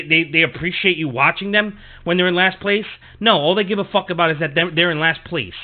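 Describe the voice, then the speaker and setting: A man hosting a sports podcast, swearing often and ranting heatedly in a monologue. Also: high-pitched. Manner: profane, heated, repetitive ranting. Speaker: podcast host. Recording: tinny phone-like audio.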